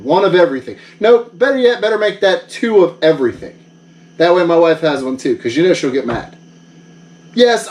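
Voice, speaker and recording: A man's voice: high-pitched, darkish tone, far from the mic. A man who runs a vlog, bragging and bossing people around in a jokey one-sided phone call. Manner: boastful, mock-bossy, joking. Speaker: vlogger.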